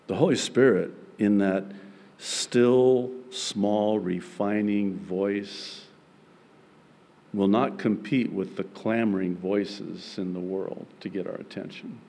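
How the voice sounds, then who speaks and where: A man preaching a sermon as pastor, earnest, moving between soft passages and emphatic ones. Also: low-pitched, steady tone, unhurried, vocal fry, breathy edge.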